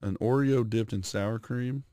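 A man co-hosting a podcast, swearing and laughing as he tells quick stories in casual banter. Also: medium pitch, mellow, dry recording. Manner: profane, laughing, quick bursts of storytelling. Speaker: podcast co-host.

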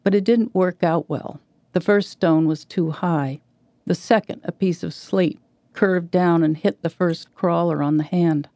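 A woman reading a short story aloud in a measured way, lightly voicing the characters' dialogue. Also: fairly low pitch, mellow, no echo. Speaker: reader.

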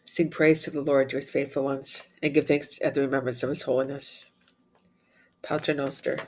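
A man reciting psalms, readings and short Latin prayers in a steady, measured way. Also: medium pitch. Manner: steady measured recitation, rattles off Latin refrains quickly and softly. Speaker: prayer leader.

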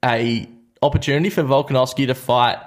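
A young Australian man co-hosting a sports podcast, talking in a relaxed, chatty way and laughing often. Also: medium pitch, brisk. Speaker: podcast co-host. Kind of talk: casual sports chat.

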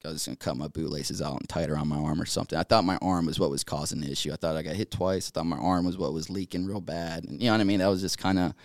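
A young man from North Carolina, a podcast guest, retelling events in a rapid, filler-heavy way with many restarts. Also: deep voice, fairly even intonation, dry recording, clean studio sound. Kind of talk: casual storytelling in an interview.

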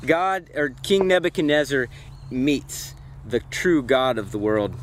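A man's voice: fairly high pitch, unhurried. A man giving a devotional Bible study outdoors by a campfire, speaking earnestly and reflectively and putting direct questions to his listeners. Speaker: Bible teacher.

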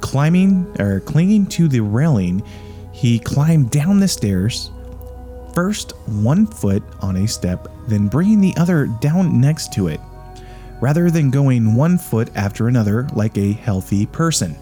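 A man's voice: medium pitch, sing-song, a little slow, warm tone, soft background music. A man co-hosting a casual podcast, reading a strange account aloud and rambling with crude jokes and laughter. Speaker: podcast co-host.

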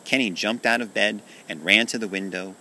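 A man reading a children's story aloud in a calm, gentle, measured way. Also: fairly low pitch, a little hiss or hum.

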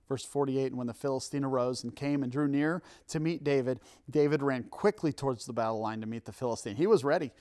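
A man with a mid-range voice preaches a sermon and reads scripture aloud, dropping in casual asides and correcting himself, and builds to loud, emphatic peaks.

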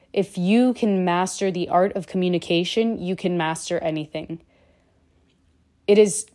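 Warm-toned woman giving earnest relationship advice. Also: on the low side. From Cuban heritage. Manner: earnest, emphatic, direct. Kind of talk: casual advice monologue to camera.

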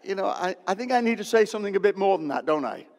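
A man, preaching a lively, joking sermon in a church. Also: high voice, fast talker. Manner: lively, joking, loud bursts. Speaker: pastor. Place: church hall. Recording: long hall reverb.

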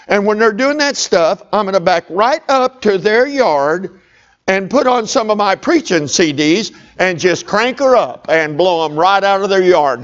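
A middle-aged male pastor tells a humorous personal story mid-sermon, talking straight to his congregation in a folksy way. His voice sits high, and the audio is dull.

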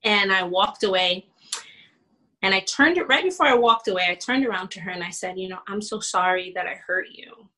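A woman with a bright, clear voice recounting a hard chapter of her life as a pastor's wife. She tells it candidly and with feeling. She swings between soft, hushed moments and lively, animated quoted dialogue, with laughs along the way. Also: mid-range voice, brisk, rough recording. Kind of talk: candid personal storytelling.

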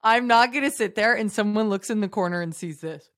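A woman's voice: mid-range voice, brisk, fairly bright tone, dry recording, studio quality. A woman podcast co-host in casual chat, blunt and sarcastic, swearing freely.

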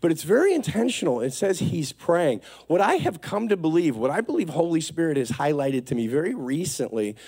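A man preaching a sermon in a church, explaining a Bible passage with animated delivery and acted-out quotes. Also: a little high, a little fast, hardly any pauses, breathy edge.

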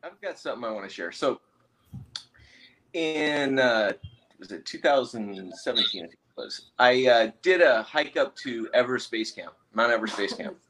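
A man, a motivational speaker guest on an interview show, telling an animated anecdote with laughter. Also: medium pitch, normal speed. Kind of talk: storytelling in an interview.

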